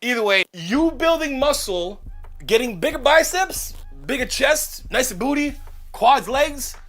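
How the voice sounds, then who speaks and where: A man's voice: very high-pitched, animated, a little slow, a bit bright. A male fitness coach explaining nutrition in a casual, slangy way, often adding "right?".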